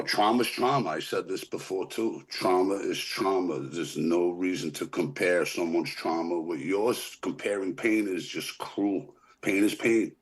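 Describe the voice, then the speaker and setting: A man sharing earnestly and reflectively at a recovery meeting over a video call. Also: sits low. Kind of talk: casual recovery meeting share.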